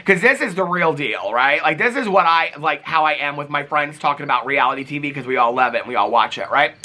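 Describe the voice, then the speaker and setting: Bright-voiced dramatic gossipy man. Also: quick pace. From Indiana. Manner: animated and dramatic, gossipy, big pitch jumps. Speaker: reality TV commentator. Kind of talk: casual chatty vlog.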